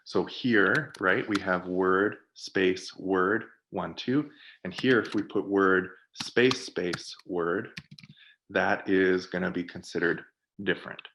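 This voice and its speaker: A man on a video call, presenting for a product team and walking through software in a webinar while thinking aloud. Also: low-pitched, slow, noisy background.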